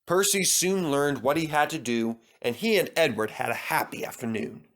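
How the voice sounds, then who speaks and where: A man's voice: on the high side, moderate pace. A man reading a children's train story aloud as narrator. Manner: expressive, lively narration.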